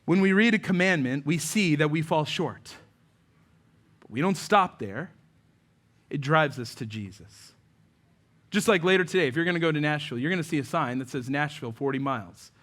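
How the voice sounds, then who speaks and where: Preaching man with hushed phrase endings. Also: on the high side, expressive, normal speed. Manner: preaching with story-telling, voicing quoted people. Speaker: pastor. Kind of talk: sermon.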